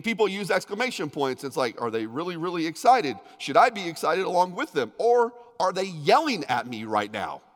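A man preaching a sermon as pastor, conversational with joking asides, swinging between loud emphasis and hushed intensity. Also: on the high side. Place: church sanctuary. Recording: long hall reverb.

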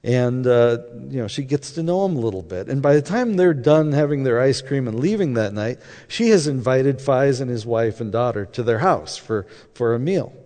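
A man's voice: medium pitch, lively intonation, normal speed, hardly any pauses, mellow. Man telling a story in a reverberant hall. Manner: conversational, acts out quoted dialogue. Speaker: speaker telling a faith story. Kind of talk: anecdotal storytelling talk.

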